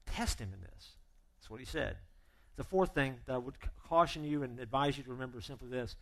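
A man's voice: medium pitch, a little fast, creaky. A man preaching a sermon as pastor, humorous and emphatic, acting out both sides of imagined conversations. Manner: animated and emphatic.

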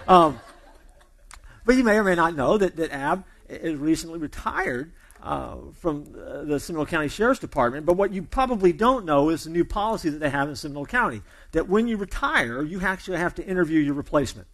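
Pastor, male, a touch higher-pitched than most, relaxed storyteller who restarts phrases often. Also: a little fast. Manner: conversational storyteller, loose and chatty with repeated restarts. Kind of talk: sermon opening with a told joke.

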